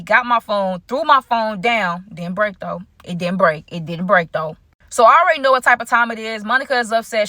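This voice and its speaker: Woman vlogger doing a storytime, slangy n animated, dry close sound. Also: mid-range voice, dry recording. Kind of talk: storytime vlog.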